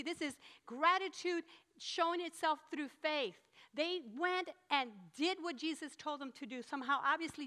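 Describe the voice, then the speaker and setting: Female preacher, high and bright, emphatic and animated sermon delivery.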